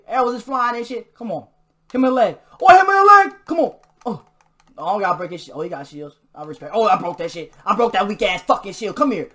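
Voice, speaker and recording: A man giving excitable live gameplay commentary, trash-talking and bursting into shouts during fights. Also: high-pitched, fast. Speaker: gamer. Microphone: new desk mic.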